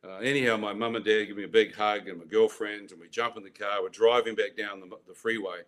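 A man telling his personal faith testimony in an animated way, acting out voices and laughing at his own story. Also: lowish voice, fast talker, a little hiss or hum.

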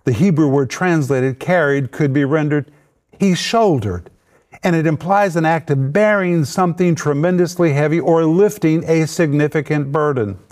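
A man's voice: fairly high pitch, darkish tone. Emphatic man teaching a sermon. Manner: measured, emphatic word-by-word explanation. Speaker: Bible teacher.

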